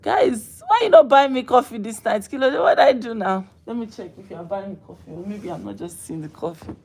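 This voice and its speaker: Woman livestream host, gravelly, teasing, bursts of laughter and mock indignation. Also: a little high, brisk, slight background noise. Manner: animated, laughing, playful mock outrage. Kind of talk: casual livestream chat with viewers.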